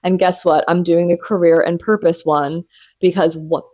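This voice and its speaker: A young woman hosting her own podcast, chatting casually and playfully, cursing freely and teasing through drawn-out asides. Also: lowish voice, fairly even intonation, dark tone. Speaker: podcast host. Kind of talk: casual solo podcast chat.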